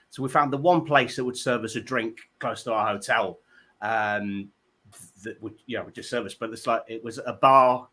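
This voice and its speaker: A man hosting a comedy panel show, telling stories in an animated, self-mocking way. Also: fairly low pitch, husky. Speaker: host.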